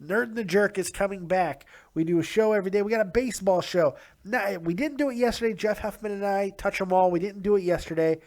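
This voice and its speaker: A man's voice: sits high, fast, few pauses, a little mellow. A man hosting a casual solo commentary show, rambling, swearing and frustrated, saying he is exhausted. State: tired. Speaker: podcast host.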